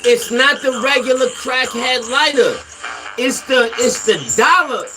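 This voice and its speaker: A man telling a comic story in a loud, animated and profane way, repeating himself for effect. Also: extremely high pitch, a little slow, music in the background.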